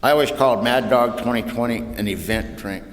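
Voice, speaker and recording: A man's voice: mid-range voice, a little fast. A man from California telling his own recovery story at an AA meeting in a folksy, storytelling way, dropping "man" and "you know" as he goes. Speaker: AA speaker. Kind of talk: personal recovery talk. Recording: echoey hall, faint room noise.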